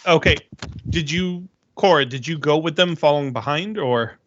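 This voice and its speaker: A man acting as game master, calmly explaining rules and describing scenes to his players. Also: on the high side, normal speed. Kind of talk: running a tabletop game over a call. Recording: lo-fi audio with steady hiss.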